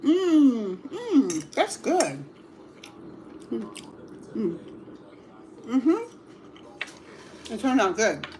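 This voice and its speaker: Talking with her livestream viewers over dinner at home, a middle-aged cooking host laughs often and murmurs as she samples the food at the dining table. Her warm voice is a little high and very animated yet extremely slow, with long pauses. A slight hiss or hum runs underneath.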